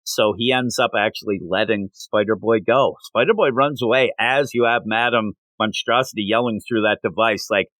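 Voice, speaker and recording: A man hosting a comic book review podcast, recapping the plot in a rambling, animated way and slipping into quick voices for the characters. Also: fairly low pitch, no echo.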